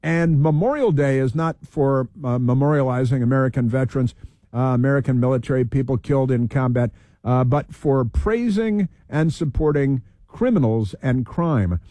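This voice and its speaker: A man's voice: mid-range voice, normal speed, mellow, dry recording. A man hosting political talk radio, heated, repeating himself and reeling off long lists.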